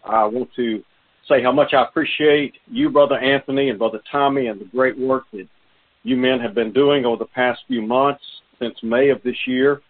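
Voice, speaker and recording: A man preaching a sermon, his voice raspy from a cold, quoting scripture in a measured way. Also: medium pitch, fairly even intonation. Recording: tinny phone-line audio.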